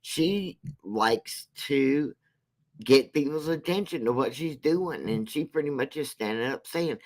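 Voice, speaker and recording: Slow-talking man hosting a livestream. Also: mid-range voice. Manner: slow, drawn-out, repeats himself for emphasis. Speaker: livestream host; military veteran. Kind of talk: casual livestream commentary.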